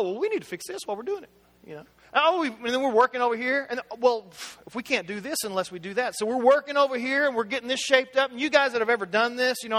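A man's voice: very high voice, sharp tone. A middle-aged man preaching a conversational sermon, chatty and anecdotal, talking straight to his congregation. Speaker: pastor. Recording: hall reverb.

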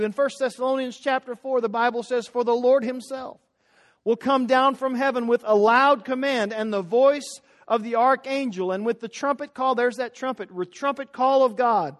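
A man preaching an impassioned sermon as a pastor, dropping to a hush and rising to shouts. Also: extremely high pitch, long reverb tail.

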